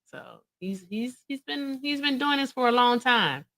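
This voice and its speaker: A woman's voice: high-pitched, expressive, normal speed, bright, forceful tone. Blunt, teasing woman host. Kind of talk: casual street interview and reaction chat.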